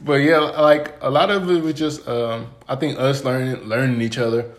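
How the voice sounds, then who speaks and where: Guy co-hosting a podcast, loose rambly storytelling, mid-pitch voice. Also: steady tone, moderate pace. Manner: loose, rambling, lots of "like" fillers, laughs at his own stories. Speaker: podcast co-host. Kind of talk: casual podcast chat.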